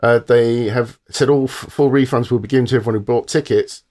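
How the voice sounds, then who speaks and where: A man's voice: medium pitch, steady tone, fairly quick, darkish tone. A man co-hosting a podcast, reading out odd news stories with dry asides in casual chat.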